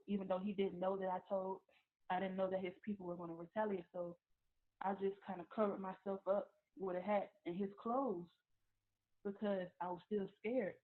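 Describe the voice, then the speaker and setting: A young woman giving a personal testimony, talking haltingly with many fillers and repeated words. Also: mid-range voice. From southeastern US. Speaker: testimony giver. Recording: tinny phone-like audio.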